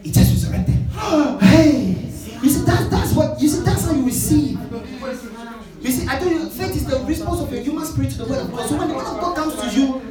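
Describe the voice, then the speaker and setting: High-voiced preacher man in an echoey hall. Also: fast talker. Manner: energetic, shouting, call-and-response with the crowd. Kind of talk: sermon. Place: large conference hall. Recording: echoey hall from far off with music.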